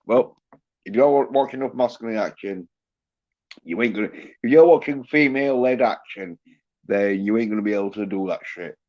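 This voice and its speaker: A man's voice: on the low side, normal speed, a little mellow, highs cut off. A man hosting a livestream, ranting in a rambling, boastful way with constant swearing. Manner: profane, boastful, laughs at own jokes. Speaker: livestream host.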